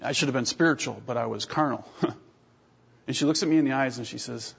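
A husky-voiced male pastor in his thirties preaching a sermon, animated and self-mocking as he tells stories, pausing to clear his throat. His pitch sits in an ordinary middle range. The recording sounds dull and lo-fi. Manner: animated storytelling with self-deprecating humor.

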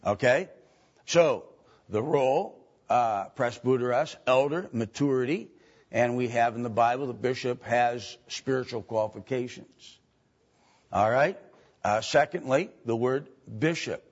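Slow, halting male Bible teacher. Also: mid-range voice. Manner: slow and halting, many ums and restarts. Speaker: preacher. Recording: dull lo-fi recording.

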